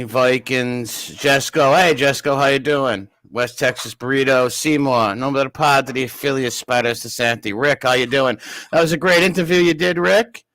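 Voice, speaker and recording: A man's voice: mid-range voice, fairly bright tone, no echo. A man hosting a casual livestream, rambling and greeting chat viewers by name. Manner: rambling, reads chat names aloud. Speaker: livestream host.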